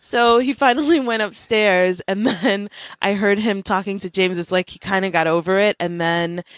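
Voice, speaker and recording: A woman's voice: mid-range voice, moderate pace, dry recording. A woman in her thirties hosting a podcast, telling a family story in casual chat with lots of laughter. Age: 30s. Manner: animated storytelling with frequent laughs. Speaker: podcast host.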